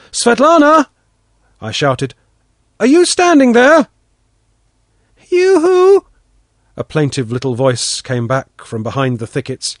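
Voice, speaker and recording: A man reads a first-person story aloud at a slow, deliberate pace. His pitch moves a lot as he tells it, giving the narration an expressive, storytelling feel. The recording is close and dry, with no room echo. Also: breathy edge. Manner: expressive storytelling, voices the characters.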